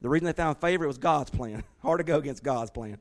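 Guy preaching, kinda high voice, goes quiet then loud and shouty. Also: fast. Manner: animated preaching, swings between quiet and loud, breaks into shouts. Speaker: pastor. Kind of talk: sermon.

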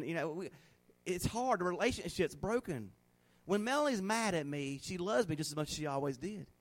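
A middle-aged man preaching a sermon in a folksy, animated way, acting out little scenes in a hushed voice. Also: on the high side, fairly quick. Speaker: pastor.

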